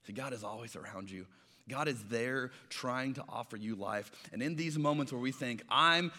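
A man's voice: medium pitch, moderate pace, fairly bright tone, in a large hall. A man preaching a sermon, telling stories in a conversational way and acting out the voices of the people in them. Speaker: pastor.

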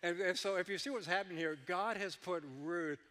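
A man's voice: high voice, steady tone, brisk, bright, forceful tone, in a large hall. A male pastor preaching a sermon, dropping joking asides to the congregation.

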